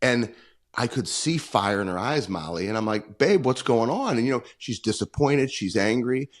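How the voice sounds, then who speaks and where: A man's voice: fairly low pitch, normal speed. A man in his forties, a performance coach talking in a podcast interview, earnest and full of stories, often acting out the dialogue he quotes.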